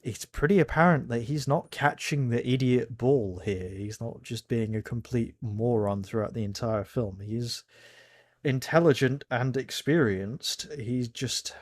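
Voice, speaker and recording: A man giving casual reaction commentary, rambling and often correcting himself. His voice sits at an average pitch and is recorded close and dry, with no room sound. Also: a little slow, no room sound. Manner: rambling, self-correcting, candid. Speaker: reaction video host.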